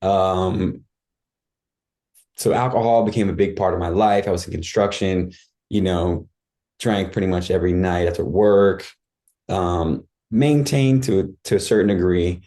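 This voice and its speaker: A man's voice: sits low, measured pace, mellow. A man guest on a podcast, telling his life story in a candid, rambling way with many fillers and restarts. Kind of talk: casual storytelling.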